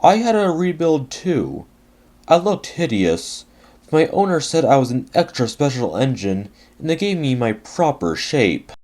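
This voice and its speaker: A man's voice: medium pitch, big pitch swings, unhurried, darkish tone, voice pushed up. A man voicing a boastful, cheerful male express steam engine in a fan-made storybook adaptation. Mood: proud.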